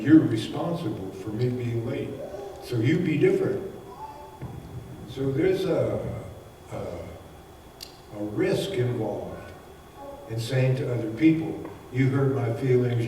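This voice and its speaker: A man speaks as a spiritual teacher at a middle pitch, telling homey stories and chuckling between points. His voice is picked up from a distance, so it rings out in a large hall with a long, echoing tail. A faint hiss of the room sits underneath. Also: animated, slow, pauses often, dark tone. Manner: folksy, anecdotal, chuckles often. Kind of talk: conversational spiritual talk. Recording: echoey hall recorded from far off.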